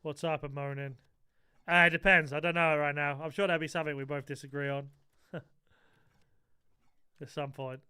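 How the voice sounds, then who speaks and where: Brief: man, gaming streamer, jokey banter with chat, bright, smooth voice. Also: a little high, fairly even intonation, moderate pace, pauses often, no room sound, clean studio sound. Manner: banters with chat, jokey, self-described moaner. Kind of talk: casual live-stream chat.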